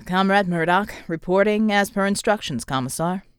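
A woman's voice: medium pitch, normal speed, clear, resonant tone, dry recording, clean studio sound, natural voice. A woman voicing a disciplined male soldier who answers in a formal, guarded way. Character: wary, disciplined male soldier under orders.

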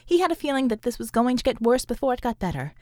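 A woman with a fairly high voice narrates an audiobook from a script, telling the story in a measured, even way. The recording is dry and clean, with studio sound.

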